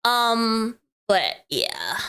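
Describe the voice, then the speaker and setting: Woman host, bright and sharp tone, teasing sarcastic reaction chatter. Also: on the high side, huge pitch swings, extremely slow, smooth. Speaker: streamer host. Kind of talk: reaction commentary.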